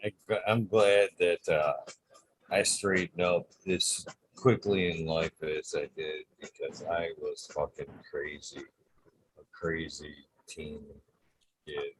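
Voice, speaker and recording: A man's voice: rumbling low, slow pace, a little hiss or hum. A man hosting a podcast, telling wild stories in a casual, profane chat. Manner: profane, animated storyteller. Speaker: podcast host.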